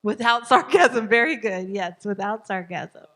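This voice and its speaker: A woman's voice: medium pitch, lively intonation, a little slow, a bit bright. A woman teaching a parenting class, encouraging her students and acting out what parents and children say.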